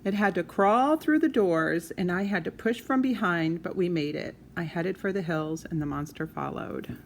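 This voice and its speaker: Woman reading a kids book aloud, lowish voice, hushed, faint hiss behind. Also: normal speed. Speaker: storyteller.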